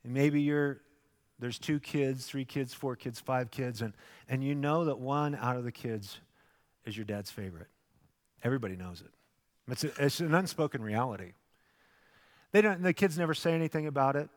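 Animated preaching man in an echoing hall. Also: mid-range voice, moderate pace, pauses often. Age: 50s. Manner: animated preaching with acted asides, swings from loud to hushed. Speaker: pastor. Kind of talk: sermon. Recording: long hall reverb.

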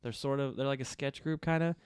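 A man chatting casually with friends, playful and quick to laugh. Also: mid-range voice, steady tone, smooth, dry recording. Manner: laughing, playful, slips into comic voices. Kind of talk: casual chat among friends.

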